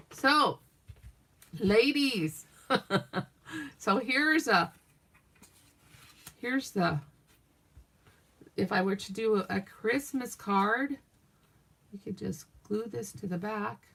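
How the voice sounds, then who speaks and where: Middle-aged Southern-born woman, craft vlogger; gravelly fry, loose and chatty, drifts between stories while she works. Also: mid-range voice, animated, drawn-out words, long pauses, pushed and bright. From Southern United States. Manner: chatty, rambling storyteller, talks to viewers while working. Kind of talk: casual chat while crafting.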